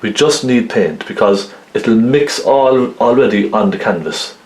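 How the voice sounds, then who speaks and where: A man's voice: on the low side, lively intonation, unhurried, darkish tone. A man giving a chatty, step-by-step oil painting lesson, often checking in with tag questions. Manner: chatty, lots of tag questions like okay and isn't it. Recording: roomy echo.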